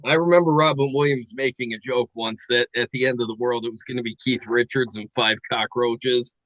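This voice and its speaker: Middle-aged male host, halting musing delivery, dry close mic. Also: mid-range voice, fairly even intonation, a bit bright, no room sound, rough recording. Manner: musing, halting, with many fillers and restarts. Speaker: podcast host. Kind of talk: casual chat.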